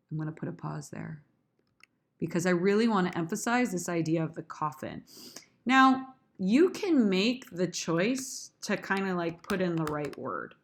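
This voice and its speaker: A woman's voice: lowish voice, animated, moderate pace. A woman drama teacher, chatty and addressing her students directly, talks through how she annotates and rehearses a sonnet. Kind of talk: screen-recorded lesson.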